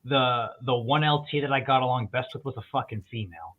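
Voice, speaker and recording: A man talking in a casual chat, telling profane, animated stories. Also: mid-range voice, a little fast. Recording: tinny phone-like line.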